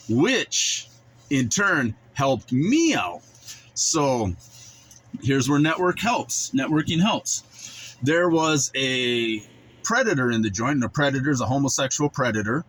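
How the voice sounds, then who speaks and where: Man in his forties, blunt casual storyteller, mid-pitched voice. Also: expressive, unhurried, a bit bright, a little hiss or hum, low-quality recording. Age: 40s. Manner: blunt, colloquial, acts out quoted voices. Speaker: vlogger.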